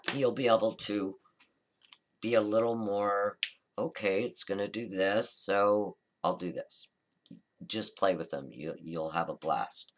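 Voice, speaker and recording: A man hosting a card-making tutorial, talking through a coloring demonstration in a relaxed, chatty, reassuring way and often correcting himself mid-sentence. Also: low-pitched. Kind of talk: casual step-by-step crafting demonstration.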